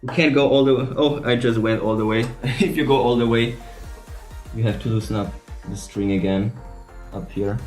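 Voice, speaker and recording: A man giving a relaxed, chatty guitar setup tutorial at home. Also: medium pitch, moderate pace, reverberant. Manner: relaxed, chatty, laughs at himself. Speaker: guitar vlogger. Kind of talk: casual tutorial.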